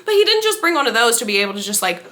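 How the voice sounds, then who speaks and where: A young woman book vlogger races through a book's plot in a casual spoiler review, her voice a little high. She's animated, laughs frequently and reacts with big, exaggerated disbelief.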